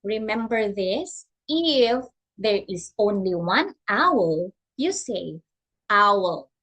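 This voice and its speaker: A woman's voice: medium pitch, big pitch swings, slow pace, slightly rough. A woman teaching English to a young child online, patient and encouraging, with exaggerated prompts. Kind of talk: slow demo lesson for a young learner.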